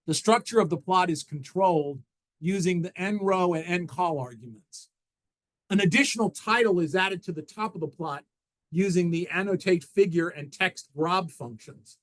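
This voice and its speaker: A man's voice: a little high, rough recording. A man giving a technical seminar presentation, walking through slides with frequent restarts and fillers.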